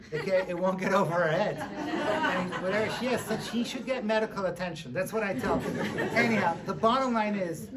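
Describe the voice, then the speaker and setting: A man giving a humorous sermon as a rabbi, animated and joking with fillers. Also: sits high. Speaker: rabbi lecturer. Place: synagogue lecture.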